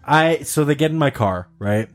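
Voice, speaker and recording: A man telling a long story in casual chat, animated, laughing often and swearing freely. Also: a little high, normal speed. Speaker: podcast host telling a story.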